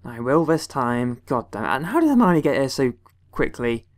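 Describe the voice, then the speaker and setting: A young man from England's West Country hosts a gaming video, giving let's play commentary while he plays. He exclaims and grumbles at the game at normal speed, his medium-pitched voice swinging widely in pitch.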